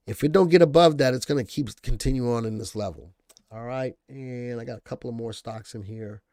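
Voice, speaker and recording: A man's voice: mid-range voice, darkish tone, dry recording, studio quality. A man hosting a live stock-analysis stream, talking casually, thinking aloud and answering viewer comments. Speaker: stock market show host.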